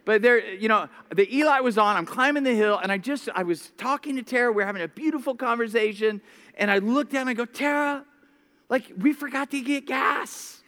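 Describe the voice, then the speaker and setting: High, bright-voiced animated male pastor. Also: quick pace. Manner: animated storytelling, acting out voices; repeats words when starting sentences. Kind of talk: sermon.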